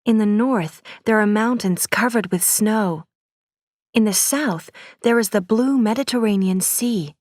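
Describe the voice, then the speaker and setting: Clear, steady woman reading a story. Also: mid-range voice, unhurried, dry recording, studio quality. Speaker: audiobook reader. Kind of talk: graded-reader story narration.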